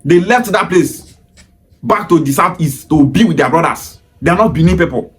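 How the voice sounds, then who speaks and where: A man's voice: on the high side, expressive, moderate pace. A Nigerian man with a Pidgin-inflected English accent, delivering an emphatic, repetitive opinion monologue in a lecturing tone. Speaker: commentator.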